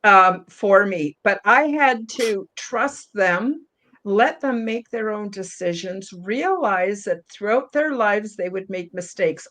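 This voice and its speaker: A middle-aged woman speaking on a spiritual panel discussion, emotional and near tears, apologizing and talking warmly with many fillers. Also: medium pitch, animated, slow pace. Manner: heartfelt, apologetic, chatty with fillers. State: tearful, emotional. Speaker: panel guest.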